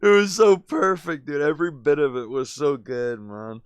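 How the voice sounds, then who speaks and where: A man's voice: fairly high pitch, very animated, normal speed, clear, resonant tone, dry recording. A man live streaming, telling a story in a rambling, slangy way, constantly saying "dude" and "man". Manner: laughs often, drifts loud then quiet.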